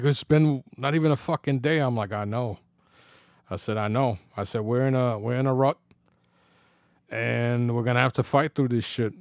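Middle-aged man, average pitch, conversational storytelling, slang and fillers, dry sound. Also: dry recording. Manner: loose and conversational, many "you know" fillers, slang and swearing; acts out quoted dialogue. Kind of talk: casual personal storytelling.

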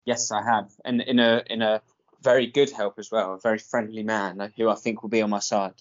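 A man's voice: fairly low pitch, level tone, a little fast. A young man with a posh English accent chatting hesitantly, with many ums. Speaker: podcast guest. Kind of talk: casual chat. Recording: dull lo-fi sound.

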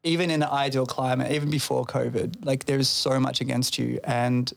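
A man's voice: medium pitch, flat delivery, fairly quick, vocal fry. A man, an event organizer chatting loosely on a podcast, laughing often. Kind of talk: casual podcast chat. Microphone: headset microphone.

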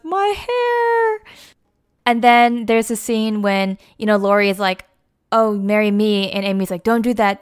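Young woman, movie review vlogger, chatty and filler-heavy, smooth clear voice. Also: medium pitch. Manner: chatty, many fillers like "like" and "you know". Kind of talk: casual movie review vlog.

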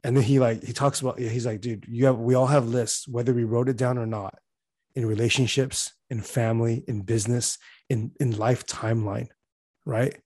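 A man's voice: medium pitch, steady tone, normal speed, a little mellow, husky, no echo. A young man talking in a loose, rambling way, full of fillers, laughing as he tells stories. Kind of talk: casual chat.

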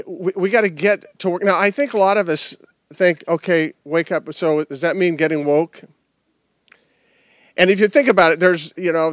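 A pastor delivers a conversational sermon at an outdoor service, using rhetorical questions and repeated phrases. His voice is on the high side, and the recording is dry and studio quality.

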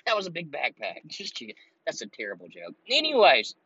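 A man's voice: fairly high pitch, huge pitch swings, brisk, bright, forceful tone, muffled recording, a little hiss or hum. A man hosting a solo podcast from his car, delivering a heated, profane, rambling rant. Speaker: podcast host. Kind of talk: ranting solo podcast recorded while driving. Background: air conditioner running.

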